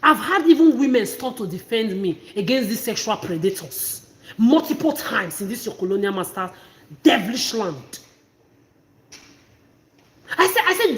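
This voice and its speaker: A woman's voice: fairly high pitch, very animated, normal speed. A woman talking straight to her viewers in an impassioned, emphatic monologue, often repeating herself. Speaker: vlogger. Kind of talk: emotional personal monologue to camera.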